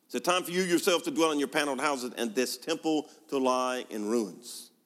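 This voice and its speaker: A man's voice: medium pitch, normal speed, fairly bright tone. A male pastor preaching a sermon, asking rhetorical questions and repeating words for emphasis. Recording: long hall reverb.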